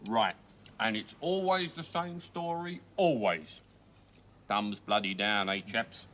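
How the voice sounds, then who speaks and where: A man's voice: lowish voice, slow pace, slight background noise. An actor playing a middle-aged encyclopedia salesman who moans bitterly about his country. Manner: moaning, bitter, lively intonation.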